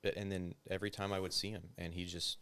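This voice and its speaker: A former cop recounting his past in a relaxed interview. His voice sits very low and flat, with a gravelly edge. His talk is loose and profane, padded with filler words. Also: fast talker, a little hiss or hum. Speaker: interview guest, former police officer. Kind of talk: casual conversational storytelling.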